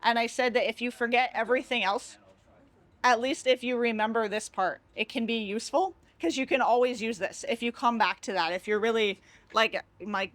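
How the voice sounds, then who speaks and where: A young adult woman facilitates a casual workshop in a train car with a view, speaking at normal speed in a slightly high, fairly bright voice. Her style is chatty and informal, and she often acts out quoted dialogue.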